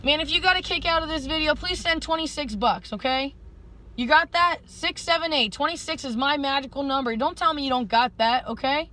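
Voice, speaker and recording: A woman's voice: high-pitched, brisk, sharp tone, rough recording. A woman vlogger talking straight to camera in an earnest, pleading, stream-of-consciousness monologue about spirit and feelings. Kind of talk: rambling spiritual vlog monologue.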